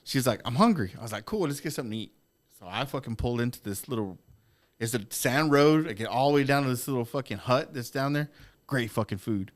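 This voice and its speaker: A man on a podcast telling a story in casual, profane, animated talk with frequent laughs. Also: medium pitch, quick pace. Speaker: podcast guest.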